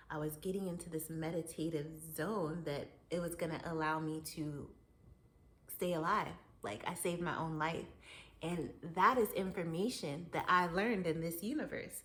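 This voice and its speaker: A woman hosting her own show, telling a story in a casual monologue, animated and often breaking into laughter as she talks straight to the listener. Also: fairly low pitch, a little hiss or hum. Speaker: podcast host.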